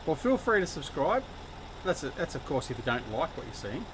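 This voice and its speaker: A man's voice: a little high, sing-song, a little fast, noisy background. An Australian man chatting casually with viewers while hosting a gaming livestream, greeting people by name and joking about himself. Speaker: livestream host.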